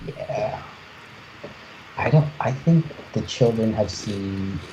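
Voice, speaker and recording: A man's voice: on the low side, expressive, warm tone. A man in his thirties co-hosting a podcast, chatting casually and hesitantly with many restarts. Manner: halting, many restarts and fillers. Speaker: podcast co-host. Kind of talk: casual chat. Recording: muffled lo-fi audio with faint noise.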